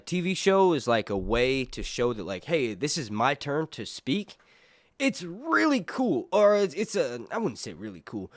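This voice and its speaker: A man with a nasal voice hosts a casual trailer breakdown, seated and talking in a rambling, animated way with many fillers and asides. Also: mid-range voice, dry recording, clean studio sound. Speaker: host. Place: seated indoors.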